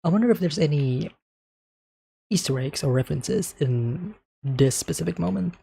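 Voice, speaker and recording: A man's voice: fairly high pitch, normal speed, vocal fry, mellow, slightly rough. A man hosting an anime reaction, talking casually and thinking aloud as he comments on each scene, often checking in with "right?".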